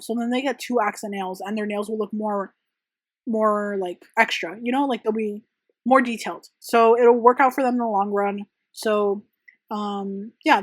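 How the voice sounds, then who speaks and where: Answering her viewers' questions, this young channel host and press-on nail artist rambles in a relaxed Q&A vlog, peppered with "like" and "um." She speaks a little high for a woman, and the recording is dry with hardly any room echo.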